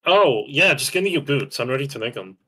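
A man's voice: medium pitch, lively intonation, a little fast, bright, forceful tone, husky. A young man streaming a video game live, bossily instructing a teammate and swearing when frustrated. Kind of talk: live gameplay chat.

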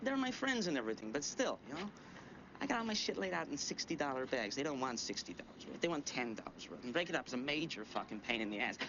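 Young hustler type, profane storyteller, lively pitch, muffled movie mix. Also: male voice, fast talker, background noise. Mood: tense. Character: edgy young man spinning a drug-deal tale. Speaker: actor. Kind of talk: film dialogue. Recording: dull film audio with music underneath.

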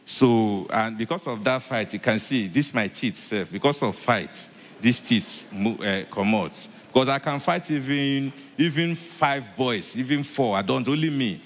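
A man tells his testimony in a mid-pitched voice, stopping and restarting often with many hesitations. His words ring with a long echo, as in a church hall. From Nigeria. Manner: halting, repeats and restarts with many fillers. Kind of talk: spoken testimony.

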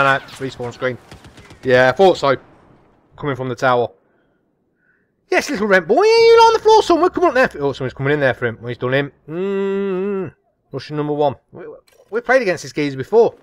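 A man giving chatty, excitable live commentary over a shooter game as a gaming channel host. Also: a little high. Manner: chatty, excitable, repeats come on and whoa. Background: faint game gunfire.

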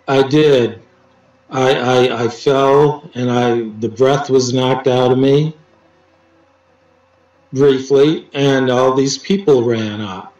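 A man, a poet, telling stories as an interview guest in a halting way, with many restarts and dry teasing. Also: mid-range voice, fairly even intonation, darkish tone. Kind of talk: casual storytelling interview. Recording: roomy, distant, dull sound with faint music.

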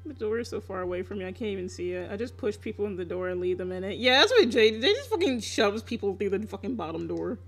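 Giggly, swearing woman with a lively voice. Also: medium pitch, quick pace, hardly any pauses, faint music behind. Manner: laughs often, swears freely, teasing banter. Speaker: live-stream artist chatting with viewers. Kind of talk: casual live-stream chat while drawing.

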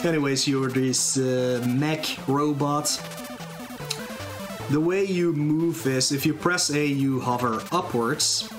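A man's voice: a little high, slow. A man casually explaining a video game as he plays it live, chatting with viewers between moves. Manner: relaxed, explains as he plays, glances at chat. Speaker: speedrunner. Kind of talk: live commentary while playing. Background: game music.

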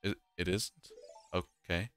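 A man's voice: sits low, steady tone, slow, fairly bright tone, clean tone, soft background music. A man giving casual commentary while playing a video game, joking, rambling and swearing at what happens on screen. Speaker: let's play gamer.

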